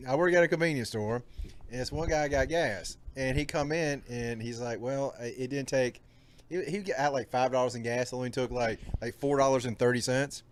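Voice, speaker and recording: A man co-hosts a podcast with a relaxed, easygoing delivery. His voice sits in a middle pitch. He laughs easily as he tells stories. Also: a little hiss or hum. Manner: laid-back, quick to laugh. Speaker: podcast co-host. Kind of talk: casual chat, storytelling.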